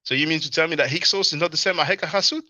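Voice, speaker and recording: A man's voice: on the high side, racing, bright, forceful tone, no echo, clean studio sound. A man hosting a casual livestream, laughing often and reading chat comments aloud to answer them. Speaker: livestream host. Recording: dull, lo-fi stream audio.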